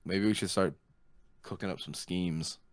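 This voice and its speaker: A man with a very deep voice co-hosts a loose podcast chat. He swears constantly and rants, slipping into little impressions of the people he's complaining about. The sound is dry and close, with no room around it. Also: a little slow, no room sound. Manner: profane, ranting, acts out quoted people. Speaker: podcast co-host. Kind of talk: casual chat.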